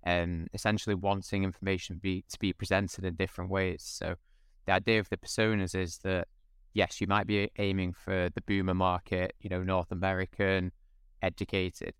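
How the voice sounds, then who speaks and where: A man's voice: low voice, clean tone, dry recording, clean studio sound. A man speaking as a podcast guest, explaining steadily in casual conversation.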